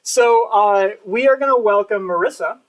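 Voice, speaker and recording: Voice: mid-range voice, normal speed, rough recording. An event host talking in a chatty, upbeat way. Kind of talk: live talk.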